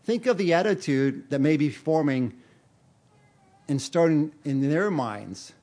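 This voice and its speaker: A man's voice: fairly high pitch, animated, unhurried, dark tone. A middle-aged man, a pastor, preaching in a conversational, self-deprecating way and laughing at his own stories. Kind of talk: sermon with personal story.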